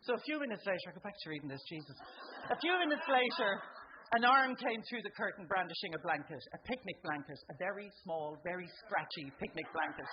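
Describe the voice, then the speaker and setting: Lively Irish woman telling a stand-up story. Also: a little fast, muffled recording, noisy background. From Ireland. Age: 40s or older. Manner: conversational storytelling, leaping up in pitch for acted-out exclamations. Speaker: stand-up comedian. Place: live comedy venue.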